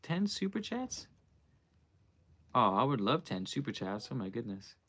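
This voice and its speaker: A man's voice: mid-range voice, very animated, measured pace, a bit bright. A man hosting a casual livestream, musing aloud in a loose, slangy way. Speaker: livestream host.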